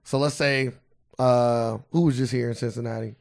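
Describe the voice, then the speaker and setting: A man co-hosting a podcast, telling an animated story in casual banter, swearing freely. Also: medium pitch, moderate pace, gravelly. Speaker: podcast co-host.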